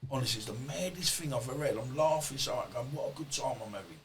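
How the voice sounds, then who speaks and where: A man's voice: mid-range voice, animated, fast talker, a little hiss or hum. A man, a podcast guest, telling stories in a rambling, colloquial way and swearing freely. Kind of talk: casual storytelling interview.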